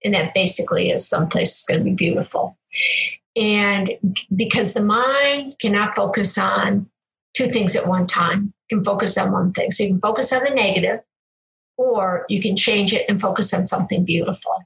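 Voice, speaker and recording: A woman's voice: mid-range voice, moderate pace, creaky, a bit bright, rough recording. Woman, ex-hospital chaplain, conversational guest; sincere, spiritual, rambling delivery. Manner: earnest, spiritual, meandering with frequent restarts. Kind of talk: casual conversational storytelling.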